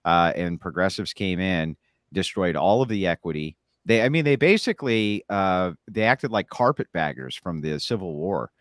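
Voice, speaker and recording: A man's voice: deep voice, big pitch swings, normal speed, a bit bright, dry recording, studio quality. A man from California ranting emphatically in a casual livestream chat.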